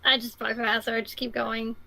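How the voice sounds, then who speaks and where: A woman playing a tabletop game, talking quickly and casually. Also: fairly high pitch, level tone, creaky, pushed and bright, poor audio. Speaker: player.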